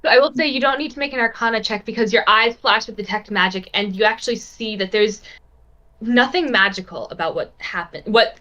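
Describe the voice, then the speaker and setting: A woman running a tabletop role-playing game as game master, describing scenes in a measured storytelling way. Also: fairly high pitch, sharp tone, muffled recording.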